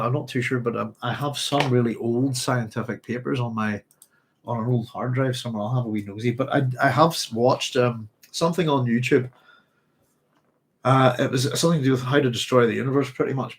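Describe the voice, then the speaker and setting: Husky man chatting live. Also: medium pitch. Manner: rambling, hesitant, reading chat comments aloud. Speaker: live chat host. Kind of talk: casual live-stream chat.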